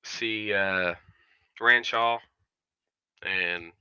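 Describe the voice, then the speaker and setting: A man at the gaming table describes his moves in short, halting bits. His low voice sounds very bright and smooth, but the mic is muffled and dry. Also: fairly even intonation, dry recording. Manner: hesitant, halting. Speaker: player. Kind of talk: casual tabletop play.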